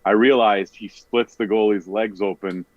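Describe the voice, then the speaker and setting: Rambling comedian, low-voiced man, dull dry audio. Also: fairly even intonation, moderate pace, no echo. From Canada. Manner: rambling, self-correcting storyteller. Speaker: comedian guest. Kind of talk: casual podcast chat.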